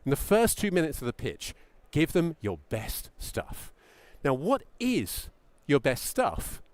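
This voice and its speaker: A male pitch coach gives a presentation to founders, animated and emphatic, acting out mock quotes from founders. He speaks a little slowly, and there's no echo.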